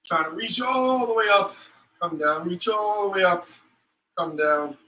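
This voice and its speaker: A man's voice: high-pitched, measured pace, bright, forceful tone, reverberant, distant mic, rough recording. A young man leading a live-streamed home workout as a fitness instructor, counting reps aloud and joking between sets.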